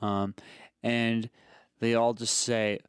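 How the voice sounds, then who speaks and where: A man co-hosting a comedy podcast, dropping dry quips and short asides while a movie is retold. His voice is smooth and clear at a middle pitch. The sound is close and dry, with no echo. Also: little pitch movement, takes it slowly. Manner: dry wisecracks and short interjections. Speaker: podcast co-host. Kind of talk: casual comedic movie recap.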